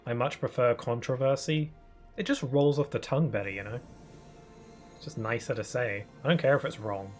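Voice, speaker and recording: A man's voice: medium pitch, normal speed, soft background music. A man with a British accent, a gaming streamer, musing casually with rambling fillers while he plays.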